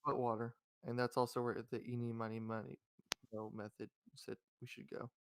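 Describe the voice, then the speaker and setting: A man's voice: medium pitch, flat delivery, brisk, noisy background. A man playing a tabletop game in a playful, jokey way. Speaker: player. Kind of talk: casual tabletop role-play.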